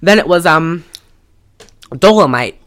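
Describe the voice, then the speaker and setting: A woman's voice: on the low side, expressive, slow, faint music behind. A woman co-hosting a casual podcast, telling a profane, rambling story. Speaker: podcast co-host. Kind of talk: casual chat.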